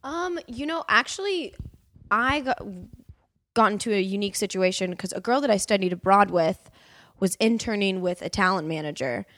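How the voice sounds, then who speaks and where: A young woman, a podcast guest and actress, chatting and telling animated stories. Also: medium pitch, moderate pace. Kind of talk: casual chat.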